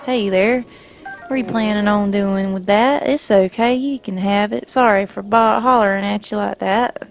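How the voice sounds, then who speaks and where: Gal putting on a friendly southern country merchant guy, gravelly drawl, kinda slow. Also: mid-range voice, fairly even intonation, soft background music. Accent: Southern US, Georgia. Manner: folksy drawl, easygoing.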